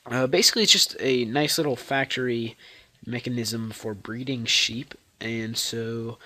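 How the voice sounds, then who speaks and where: A man's voice: medium pitch, fairly bright tone. A young man giving rambling, chatty gameplay commentary and often correcting himself. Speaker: gameplay video creator.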